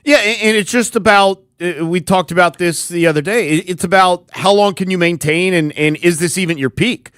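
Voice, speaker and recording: A man co-hosting sports talk radio, with a slightly high voice and a thoughtful, measured delivery. He often doubles up words as he works through a point, close and dry on a studio mic. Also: a bit bright, clean tone, no echo. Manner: thoughtful, repeats words while thinking aloud.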